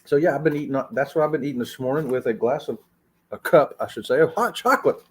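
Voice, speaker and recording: A man's voice: fairly high pitch, quick pace, slightly rough. A man from Florida hosting a casual travel livestream from a hotel room, chatty and laughing often, calling his viewers y'all. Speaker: travel channel host.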